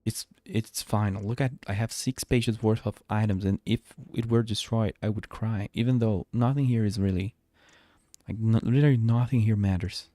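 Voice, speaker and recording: A man's voice: lowish voice, steady tone, moderate pace, mellow, no echo, clean studio sound. A man streaming a space game, talking to himself in a rambling way with many restarts. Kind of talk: live gameplay commentary. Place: home.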